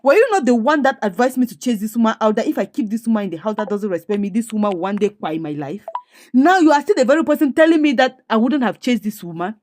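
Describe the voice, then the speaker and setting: A woman's voice: fairly high pitch, lively intonation, fast, darkish tone, no room sound, close to an everyday voice. Nigerian woman reading a defensive, struggling dad; plain close dry sound. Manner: defensive, insistent. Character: stubborn struggling divorced father.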